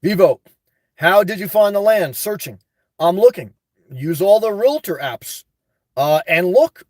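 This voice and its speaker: Man, high voice, dry close sound, livestream chat reading, blunt, animated rants, in his car. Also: a little slow, dry recording. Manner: blunt, animated, swings into loud laughing rants. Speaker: livestream host. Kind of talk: live-stream chat reading.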